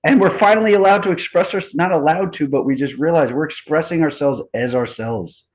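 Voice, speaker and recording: A man in his thirties hosting a group video call, talking in a relaxed, rambling, enthusiastic way. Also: on the high side, a little fast, low-quality recording. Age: 30s. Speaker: host.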